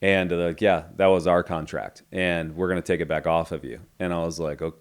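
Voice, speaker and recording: A man's voice: sits low, fairly even intonation, a little fast, smooth. A middle-aged man, a podcast guest, candidly retelling a business story and acting out the dialogue. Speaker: entrepreneur guest.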